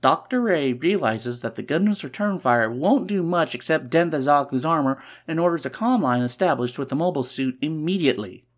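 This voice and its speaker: Sarcastic man with lively pitch swings. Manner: sarcastic, joking asides; excitable, swings between loud and quiet. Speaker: podcast host. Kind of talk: comedic recap of a comic book.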